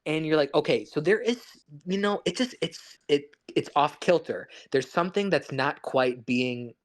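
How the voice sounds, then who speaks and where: A man's voice: on the high side, lively intonation, moderate pace. A man co-hosting a podcast, talking casually and enthusiastically about a film, with lots of restarts and swearing. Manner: rambling, profane, enthusiastic with restarts. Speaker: podcast co-host. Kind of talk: casual chat.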